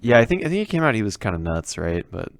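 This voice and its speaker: A man's voice: fairly low pitch, big pitch swings, fast, gravelly, no room sound, clean studio sound. A young man in casual podcast chat, reacting loosely and swearing a lot. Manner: reactive, swears, interjects with dude and laughs. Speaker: podcast co-host.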